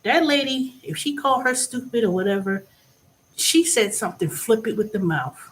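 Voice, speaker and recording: A woman hosting her own vlog, giving a blunt, profane monologue that swings between loud bursts and low asides. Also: expressive, normal speed. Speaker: vlog host. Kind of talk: casual ranting monologue.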